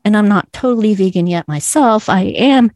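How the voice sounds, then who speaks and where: A woman's voice: medium pitch, normal speed, a little mellow, dry recording. A middle-aged woman hosting her own podcast, speaking earnestly and enthusiastically, at times teary with emotion. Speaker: podcast host. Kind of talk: solo podcast monologue.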